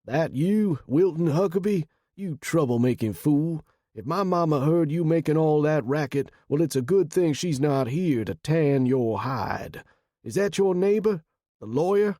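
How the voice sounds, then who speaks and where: A blustery homeowner, played by a male narrator with a scolding, colloquial drawl. His voice is raised and pushed higher than the narrator's own. He is an audiobook side character. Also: lively intonation, a little slow, warm tone, no room sound, clean studio sound. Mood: mock scolding.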